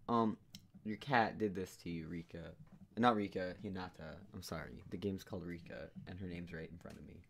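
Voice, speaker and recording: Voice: sits low, moderate pace. A gamer commentating a puzzle game, rambling, swearing, and muttering and humming to themself. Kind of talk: let's play commentary. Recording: noisy home recording with keyboard clicks.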